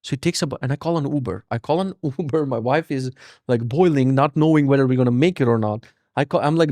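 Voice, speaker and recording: A fairly high-voiced man rants through a story in a bone-dry close recording. He swears freely, laughs at himself, and swings his voice up and down as the tale builds. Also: quick pace, no room sound. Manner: animated, profane, self-mocking. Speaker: podcast host. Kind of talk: casual storytelling rant.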